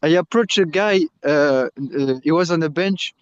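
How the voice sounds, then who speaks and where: High-voiced chatty man telling jokey stories. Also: moderate pace, clear, resonant tone, no echo. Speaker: monk book distributor. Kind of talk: casual storytelling chat. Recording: dull lo-fi sound.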